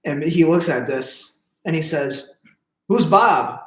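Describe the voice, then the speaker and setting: A man's voice: on the high side, fairly even intonation, measured pace, a little mellow. A young man telling jokes in a casual chat, laughing along and swearing freely. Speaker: interviewer. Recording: echoey room.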